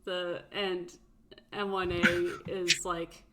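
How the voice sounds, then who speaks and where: A woman at a tabletop game talks slowly, in a slightly low voice. She hesitates with fillers and laughs often as she narrates her character. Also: level tone, very noisy. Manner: giggly, hesitant, many fillers.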